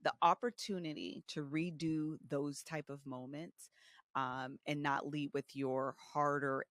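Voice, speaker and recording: A woman in her thirties, co-hosting a podcast and telling candid stories about her own marriage, animated and casual, acting out the voices she quotes. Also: low-pitched, no echo, studio quality. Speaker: podcast co-host. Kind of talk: candid conversational storytelling.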